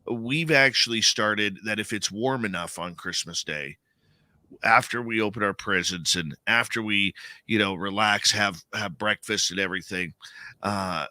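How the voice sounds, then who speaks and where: A man hosting a radio show talks in a loose, heartfelt way, often tossing in "man". His voice is very bright and forward. The sound is dry and close, with no room around it. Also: lowish voice, unhurried, no room sound. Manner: conversational, heartfelt, says "man" a lot. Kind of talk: casual radio chat.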